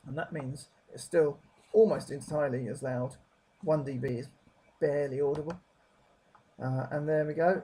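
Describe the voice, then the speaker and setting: A man walks through a screen-capture software tutorial in a very dark, mellow voice with gravel in it. He rambles as he explains, stops to fix his own wording, and fills the gaps with "uh" and "um". A faint hiss sits under the desk-mic recording. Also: mid-range voice, rough recording. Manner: rambling, self-correcting explanation with many fillers. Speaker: tutorial presenter.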